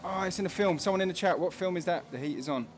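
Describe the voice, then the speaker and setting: A man with a London Cockney accent hosts casual live race commentary, joking and reading out chat messages between laps. He talks very fast in a high-pitched voice. Soft music plays behind him.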